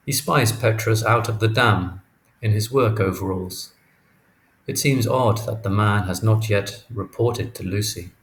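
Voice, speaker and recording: A man reading a novel aloud as audiobook narrator, in a steady, even reading. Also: fairly low pitch. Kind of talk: scripted narration. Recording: echoey room, faint noise.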